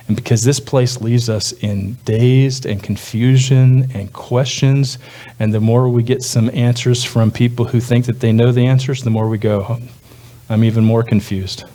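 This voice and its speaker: Male pastor preaching conversationally. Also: dark tone. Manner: conversational, voices quoted speakers with jumps in pitch. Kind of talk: sermon.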